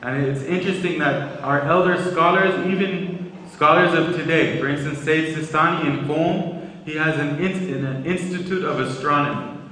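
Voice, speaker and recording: Male lecturer, measured explanatory delivery, mic far off in a reverberant hall. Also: fairly high pitch, pushed and bright, a little hiss or hum. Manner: measured, explanatory, repeats words when restarting. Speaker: Islamic lecturer. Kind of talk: religious lecture.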